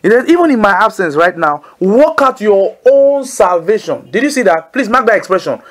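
A man's voice: high voice, sing-song, moderate pace. A male preacher, teaching the Bible to callers in an emphatic way and repeating key phrases. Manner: emphatic, repeats key phrases, asks listeners to say lines with him.

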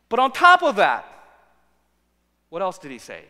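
Animated male preacher in a reverberant church. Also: sits high, unhurried, long pauses. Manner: animated preaching, acting out quoted lines with rising intensity. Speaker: pastor. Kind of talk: sermon. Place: church sanctuary. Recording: long reverb of a church sanctuary.

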